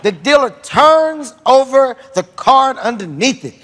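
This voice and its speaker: High-voiced man telling animated comic stories. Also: measured pace. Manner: animated, acts out voices, laughs mid-sentence. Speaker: talk show guest comedian. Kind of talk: comedic storytelling. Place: TV studio before an audience. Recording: reverberant studio with loud noise.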